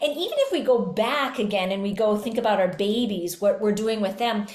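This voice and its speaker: A woman hosting a talk for educators, explaining in a lively way and now and then slipping into sung examples. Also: medium pitch, fairly quick. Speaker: podcast host and music educator. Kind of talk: casual teaching talk. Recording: roomy echo.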